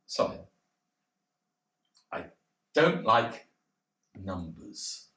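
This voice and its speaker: A man's voice: fairly high pitch, bright, forceful tone, distant mic, heavily acted. An actor playing a nervous, rambling male cocktail pianist who stammers and giggles on stage. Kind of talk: stage play acting. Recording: roomy sound heard from afar.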